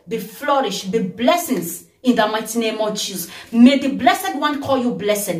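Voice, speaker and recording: A Nigerian woman vlogger, tired, talking in an animated way and breaking into song and blessings. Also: medium pitch, recorded from a distance. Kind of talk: casual birthday tribute vlog with singing. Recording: roomy sound from off the mic.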